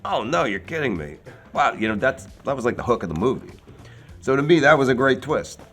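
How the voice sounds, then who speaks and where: A man's voice: medium pitch, animated, a little fast, a bit bright, soft background music. A man in his sixties from Philadelphia, an actor telling casual, rambling anecdotes with many fillers and laughs. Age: 60s. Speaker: actor guest.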